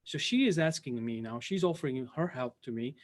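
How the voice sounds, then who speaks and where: Animated and fairly quick, a man with a mid-range voice hosts a live stream and tells the story of his career. He rambles, restarting often and turning aside to address viewers, and the recording has a dull lo-fi sound.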